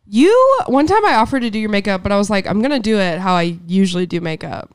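A young woman in her twenties chatting in a quick, joking, dramatic way. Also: medium pitch, lively intonation, smooth, dry recording. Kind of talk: casual chat.

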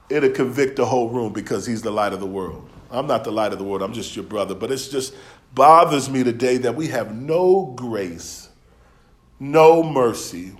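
A man preaching a sermon, telling stories in a loose, conversational way with laughs along the way. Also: medium pitch. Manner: storytelling, conversational, with dialect and laughs.

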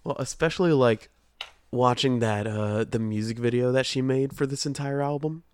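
A man's voice: mid-range voice, normal speed, clean tone, dry recording. Chill giggly guy cohosting a podcast, dead dry close mic. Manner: laid-back, giggly, loose. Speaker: podcast co-host. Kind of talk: casual podcast chat.

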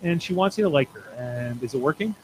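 Guy hosting a podcast, kinda rambly, slightly higher voice, faint noise behind. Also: lively intonation, quick pace, poor audio. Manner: rambling, restarts often, conversational. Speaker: podcast host. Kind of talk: casual chat.

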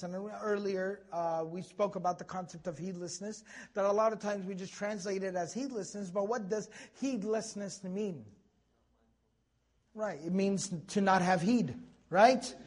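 A man's voice: high-pitched, normal speed. A young man giving a conversational Quran tafseer lecture, reciting Arabic verses and asking rhetorical questions. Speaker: Quran teacher.

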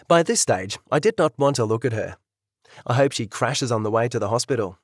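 A man's voice: mid-range voice, lively intonation, a little fast, no room sound, clean studio sound. A man narrating an audiobook in first person, wry and conversational.

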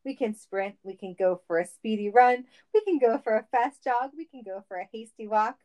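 A reckless, egotistical grown man who shouts grand declarations, as a woman reading a comic story plays him. He is loud and sure of himself. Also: on the high side, normal speed, close to an everyday voice. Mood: grandiose.

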